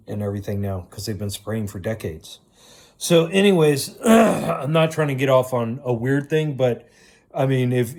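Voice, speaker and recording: A man talking to his viewers in a rambling casual monologue, halting often with ums and restarts, and swearing casually. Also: mid-range voice, a little mellow. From Virginia, United States. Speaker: video creator.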